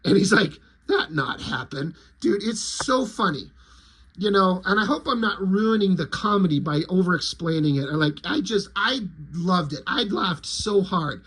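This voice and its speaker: Man, high husky voice, excited profane comic reviewer, casual. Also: moderate pace. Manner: excited, profane, laughing storyteller.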